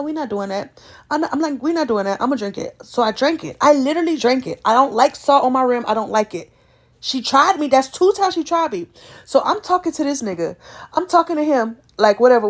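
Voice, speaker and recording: Animated high-voiced woman telling a story. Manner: animated, profane, talks through quotes in raised voice. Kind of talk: casual storytime rant.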